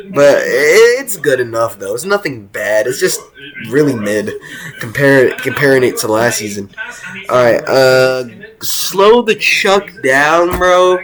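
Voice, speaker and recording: A young man giving casual tier-list commentary as host, excited and rambling, with many restarts and slang. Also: on the high side. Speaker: video host ranking cartoon episodes.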